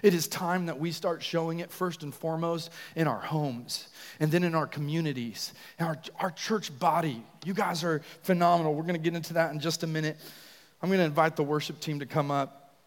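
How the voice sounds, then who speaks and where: A young man preaching passionately to his church, often raising his voice close to shouting. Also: a little high, fairly quick. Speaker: youth pastor leading worship. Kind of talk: sermon. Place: church sanctuary. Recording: long reverb of a church hall.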